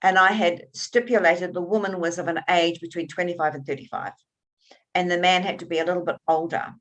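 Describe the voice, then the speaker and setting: A woman author being interviewed, telling her stories in an animated, expressive way and often restarting her sentences. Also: on the low side, fairly quick. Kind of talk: conversational interview.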